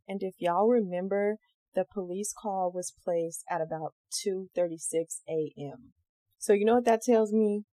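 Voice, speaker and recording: Woman podcast host, casual true crime storyteller, slangy and animated, dry close mic. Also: lowish voice, dry recording. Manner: animated, slangy, acts out quotes.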